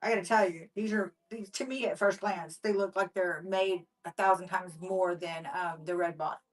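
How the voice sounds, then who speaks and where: A woman co-hosting a live shopping stream, animated and gushing as she chats about the items. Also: lowish voice, moderate pace, recorded from a distance, low-quality recording. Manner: animated and gushing, laughs easily. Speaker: co-host.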